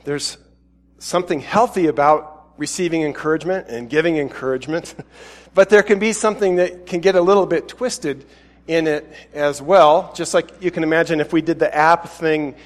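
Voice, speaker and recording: A man's voice: on the high side, in a large hall. A man preaching a sermon in a casual, chatty and self-deprecating way.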